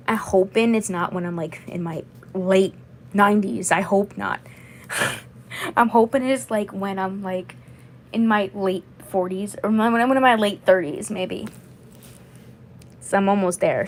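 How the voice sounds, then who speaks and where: Rambling and going over the same points again, this twenty-something woman vlogger talks casually on a livestream in a medium-pitched voice. Slight background noise comes through the low-quality recording.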